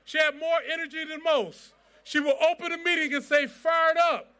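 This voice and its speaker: A man stands before a rally crowd and preaches his cause, repeating lines for rhythm and leading chants. His voice sits very high and rings bright and forceful. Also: flat delivery, a little fast. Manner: preacher-like cadence, rousing chants, repetition. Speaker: civil rights organization president. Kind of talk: fiery rally speech.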